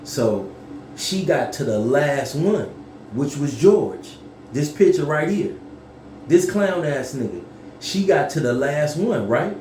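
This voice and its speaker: A man telling a story casually to camera, profane and animated, yelling when he acts things out. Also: fairly high pitch, slow pace, reverberant, slight background noise.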